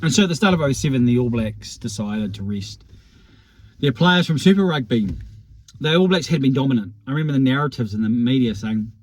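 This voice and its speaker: A man's voice: mid-range voice, expressive, fairly quick. A man, wryly reminiscing about rugby in a rambling, self-deprecating monologue. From New Zealand. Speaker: rugby vlogger.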